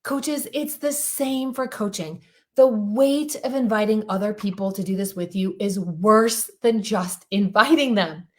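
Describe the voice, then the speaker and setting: A middle-aged woman coach giving an animated motivational talk on a group call, telling stories and repeating her points for emphasis. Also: mid-range voice, a little slow. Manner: animated storytelling, emphatic repetition.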